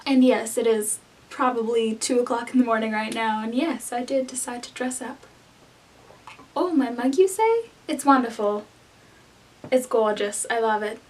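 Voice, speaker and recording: A woman's voice: on the high side, steady tone, moderate pace, recorded from a distance. A young woman, a book vlogger, chatting casually to the camera in a gushing, rambling way full of "like" fillers.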